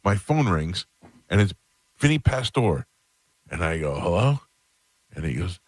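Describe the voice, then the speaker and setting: A radio host telling a long story in a casual way and acting out the voices of the people in it. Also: male voice, sits low, a little fast, no room sound. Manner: animated, acts out quoted voices. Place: radio studio.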